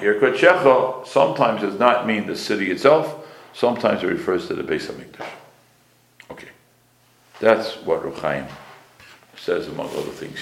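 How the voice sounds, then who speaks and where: A man's voice: low-pitched, creaky, reverberant. A man teaching a class as a rabbi. He explains Hebrew phrases, repeats key words and asks the class questions, with pronunciation. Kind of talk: Torah class lecture.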